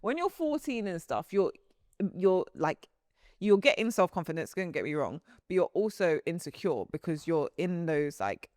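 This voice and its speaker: A young woman co-hosting a podcast in casual chat, animated and laughing often as her sentences tumble out. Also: lowish voice, normal speed, no room sound, clean studio sound. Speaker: podcast co-host.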